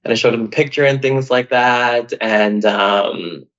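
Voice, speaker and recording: A man's voice: mid-range voice, measured pace, fairly bright tone. A man from Canada talking openly about his life in a podcast, telling a personal story in a chatty, emotional way with lots of "like". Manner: chatty, heavy use of "like", emotional and open. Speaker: podcast guest. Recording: dull, lo-fi audio.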